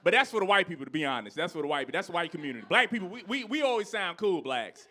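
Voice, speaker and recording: A thirtysomething comic performs a club stand-up set in a rapid-fire, sing-song delivery, ranting loudly at times and slipping into low asides at others.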